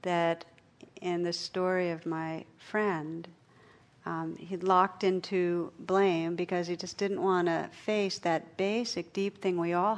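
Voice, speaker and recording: A middle-aged woman giving a meditation talk, telling stories and jokes with gentle pauses. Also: lowish voice. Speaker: meditation teacher. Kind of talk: dharma talk.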